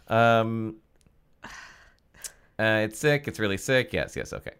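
A woman with a low voice and a bright, sharp tone, chatting on a podcast. Her pitch swings wildly as she jokes, swears and reads lines aloud in playful voices. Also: clear, resonant tone. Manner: swearing, laughing, animated voices for quotes. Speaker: podcast co-host reading a book aloud. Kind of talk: casual chat and comic read-aloud.

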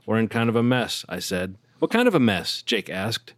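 A man reads a novel aloud to his co-hosts and brings the lines to life. His pitch swings widely from line to line. The sound is close and dry, with no room around it. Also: very animated, moderate pace, no echo. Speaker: podcast co-host reading aloud. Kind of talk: casual read-aloud with acted dialogue.

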